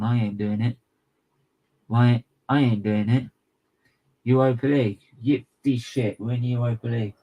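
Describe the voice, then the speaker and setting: A man's voice: mid-range voice, mellow, rough recording. A young man ranting furiously about football, swearing hard and hammering the same points over and over as a fan channel co-host. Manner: furious, sweary, emphatic and repetitive. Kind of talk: angry match reaction rant.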